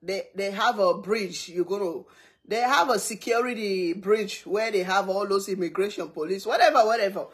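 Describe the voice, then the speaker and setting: A woman telling a story casually, animated and laughing often as she acts out others shouting. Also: medium pitch, normal speed, slightly rough. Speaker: cooking vlogger.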